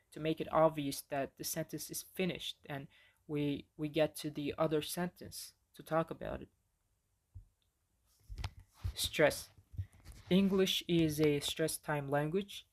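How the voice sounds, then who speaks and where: Turkish-accented man explaining pronunciation. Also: a little high. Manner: casual and explanatory, with frequent fillers and restarts. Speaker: language teacher. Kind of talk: recorded lecture on pronunciation.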